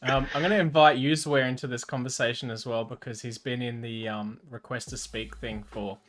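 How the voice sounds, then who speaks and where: A male host chatting casually on a live stream, mid-pitched and even. He talks in a relaxed, loose way, full of ums and likes. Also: brisk, crowd noise. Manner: relaxed, loose, many fillers. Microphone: online voice chat mic.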